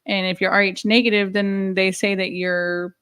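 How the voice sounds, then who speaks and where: A woman's voice: medium pitch, flat delivery, moderate pace, fairly bright tone, clean tone, no room sound. A woman co-hosting a podcast, chatting and laughing easily. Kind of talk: casual podcast chat.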